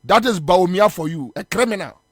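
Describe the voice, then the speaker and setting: Recorded at studio quality with no echo, a Ghanaian morning radio host speaks briskly in a high-pitched, animated voice with a breathy edge. He's combative and scornful in his political commentary, hammering points through repetition.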